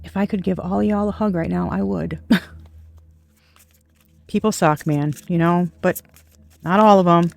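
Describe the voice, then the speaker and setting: A tarot reader giving a casual, rambling intuitive reading straight to viewers, with soft laughs and the odd swear word. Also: medium pitch, steady tone, a little slow, gravelly, pauses often, no room sound, faint music behind. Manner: rambling, chatty, speaks to unseen viewers.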